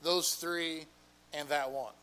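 Male Bible class teacher, somewhat high, bright tone, question-and-answer teaching style. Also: steady tone, takes it slowly, smooth, low-quality recording. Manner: asks the class questions and repeats answers, frequent "okay".

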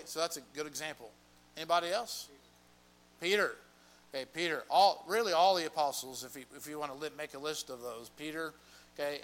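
Male Bible class teacher, somewhat high, bright tone, question-and-answer teaching style. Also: rough recording. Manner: asks the class questions and repeats answers, frequent "okay".

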